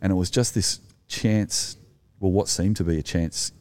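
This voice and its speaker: A man's voice: deep voice, normal speed, darkish tone. An Australian man, an Anglican minister co-hosting, telling a story in an earnest, reflective way. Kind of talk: conversational storytelling.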